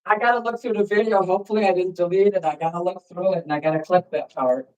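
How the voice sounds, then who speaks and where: Brief: agitated profane man on a call-in show, slightly high voice, rambling rant. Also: fast, a little mellow, muffled recording. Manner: angry, profane, repeats himself, talks over the other speaker. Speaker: artist ranting on a call-in show.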